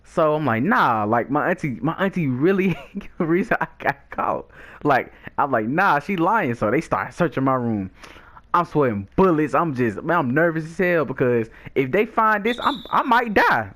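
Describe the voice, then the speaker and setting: A young man telling a lively, slangy storytime with frequent laughs, chatting while he plays a video game. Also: on the high side, moderate pace. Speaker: gaming YouTuber.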